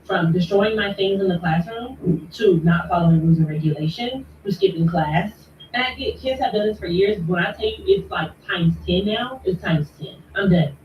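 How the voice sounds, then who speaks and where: A woman's voice: fairly low pitch, normal speed, slight background noise. A woman teacher indignantly scolding parents as she vents to the camera. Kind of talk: venting to camera. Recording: distant, roomy, dull sound.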